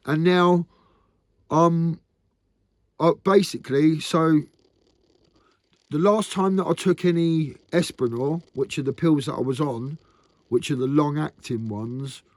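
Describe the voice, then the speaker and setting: A man's voice: medium pitch, a little mellow, no echo. A man talking candidly to camera in a rambling, earnest vlog, often tagging sentences with "mate". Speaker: vlogger.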